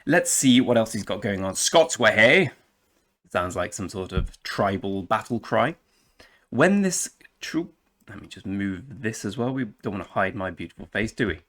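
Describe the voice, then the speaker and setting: A man's voice: lowish voice, brisk, few pauses. An English man hosting a game commentary video, chatty and jokey, now and then slipping into playful put-on accents. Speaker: gaming channel host.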